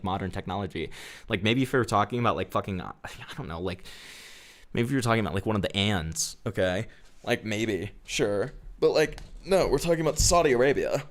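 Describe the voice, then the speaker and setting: A man hosting a reaction stream, commenting sarcastically and with disbelief, swearing often. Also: on the low side. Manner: sarcastic, incredulous, profane.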